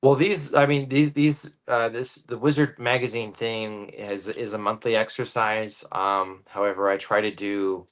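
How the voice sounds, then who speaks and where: A man who is a guest comic artist, explaining his drawing process casually and thinking aloud with many pauses. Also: fairly low pitch, fairly even intonation, a bit bright.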